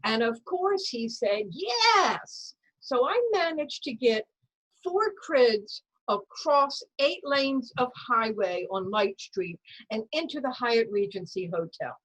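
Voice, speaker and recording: A woman telling a personal story at a story slam over a video call, in a lively, dramatic way. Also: fairly high pitch, slow pace, low-quality recording. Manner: lively, dramatic storytelling that acts out voices and sounds.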